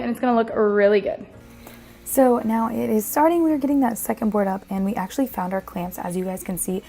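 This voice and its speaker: A woman's voice: on the high side, fairly quick, creaky, dark tone, faint music behind. A young woman narrating her building project in a bubbly, enthusiastic vlog style. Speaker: vlogger.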